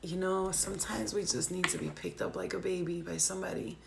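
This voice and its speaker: A woman's voice: fairly low pitch, fairly even intonation, a little fast, creaky, noisy background. A woman doing a spiritual reading on a livestream, talking to viewers in a heartfelt, emotional way and swearing freely. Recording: roomy echo.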